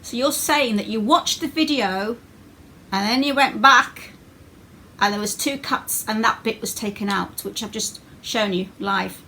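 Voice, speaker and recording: A woman's voice: fairly high pitch, measured pace, sharp tone, slight background noise, low-quality recording. A woman talking in a sarcastic, mocking way as she answers her critics in a casual video.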